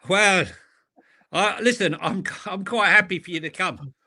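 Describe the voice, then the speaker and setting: A man's voice: high voice, unhurried, bright, forceful tone. A man co-hosting a football podcast, teasing his partner in playful casual chat. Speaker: podcast co-host.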